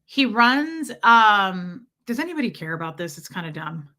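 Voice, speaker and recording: Bright chatty woman on a livestream, rambles, thanks chat folks by name, 40s. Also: medium pitch, big pitch swings, moderate pace. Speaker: livestream host reading chat.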